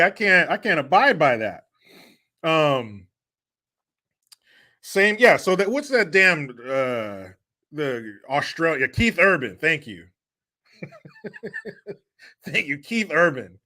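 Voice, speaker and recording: A man's voice: on the high side, sing-song, slow pace, long pauses, pushed and bright. A man hosting a casual livestream, rambling and swearing as he answers comments. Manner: profane, rambling, laughs at own jokes. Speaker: livestream host.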